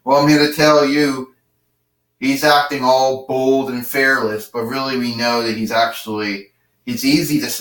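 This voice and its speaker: A man narrates a home-made wrestling show like an announcer, casual and slow-paced. His voice sounds roomy and a bit far from the mic. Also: medium pitch, a bit bright.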